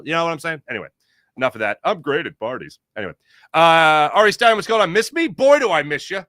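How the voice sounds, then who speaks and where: A man's voice: a little high, fast, no echo, studio quality. A man hosting a casual sports podcast livestream and reading out the chat with jokey, rambling energy. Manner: animated, jokey, rambling with restarts.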